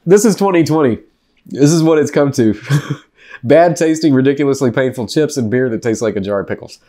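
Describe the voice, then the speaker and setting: A man who reviews food and drinks rambles to camera after eating a very hot chip, joking and laughing often. His medium-pitched voice is expressive, brisk, and dark in tone, recorded on a desk mic.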